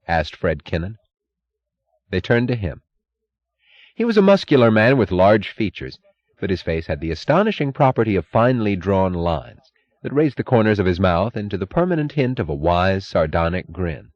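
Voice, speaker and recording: A man narrating a novel in a measured, expressive reading. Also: sits low, dull audio. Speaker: audiobook narrator.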